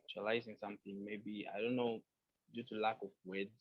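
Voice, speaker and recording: A man with a Zambian accent leads an online language lesson, slowly repeating example phrases and checking that his students follow. His voice sits fairly low and husky, close and dry. The call audio sounds dull and lo-fi. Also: little pitch movement, no echo. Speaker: language teacher.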